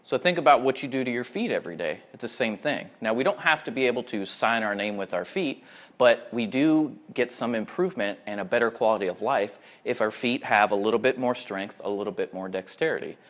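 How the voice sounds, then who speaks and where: A man, a fitness instructor, calmly talking viewers through gentle ankle exercises. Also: medium pitch, fairly quick. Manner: calm, easygoing instructions. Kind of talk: exercise demonstration.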